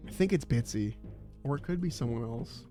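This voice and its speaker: A man's voice: medium pitch, animated, brisk, music in the background. A man chatting casually on a live stream, rambling with many fillers.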